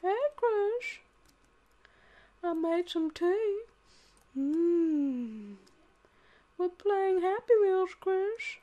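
A young man putting on an impression of a creepy, leering old male cartoon neighbor, with a quavering, breathy drawl and murmured hums. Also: very high voice, animated, drawn-out words, long pauses, dark tone, muffled recording, pitched above the performer's own voice, exaggerated voice.

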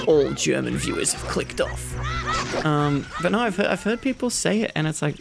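Gravelly soft-spoken ASMR gamer. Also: normal speed. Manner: relaxed, rambling, self-mocking, low energy. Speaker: gaming channel host. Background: video game music.

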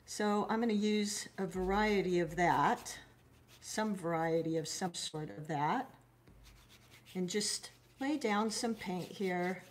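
A woman's voice: fairly low pitch, slow. A middle-aged woman teaching a watercolor painting lesson on a live stream. She chats with her viewers and greets them by name, and she often loses her thread mid-sentence and pokes fun at herself.

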